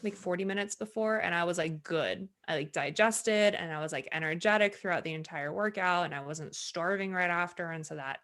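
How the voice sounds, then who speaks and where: A woman co-hosting a podcast in casual chat, bubbly and animated, often correcting herself mid-sentence. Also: lowish voice, a little fast, hardly any pauses. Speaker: podcast co-host.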